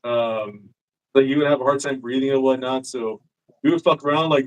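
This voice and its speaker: On a rough recording from a live-streamed show, a man with a mid-range voice speaks at a moderate pace. He's a guest in a casual chat, telling a story with lots of swearing and animated acted-out quotes.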